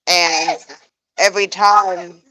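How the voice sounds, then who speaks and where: A woman's voice: steady tone, slow pace, sharp tone, low-quality recording. Woman with a cold, chatting during chores. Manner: switches to high sing-song baby talk for her geese. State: sick with a lingering cold, coughing. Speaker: vlogger tending her geese. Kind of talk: casual chat while doing chores.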